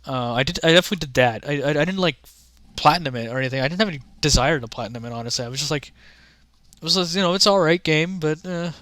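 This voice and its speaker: Bright-voiced man rambling about games. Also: a little high, dry recording. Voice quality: halting, many restarts and fillers. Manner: frank, offhand opinions. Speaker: gaming content creator. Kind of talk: casual rambling commentary.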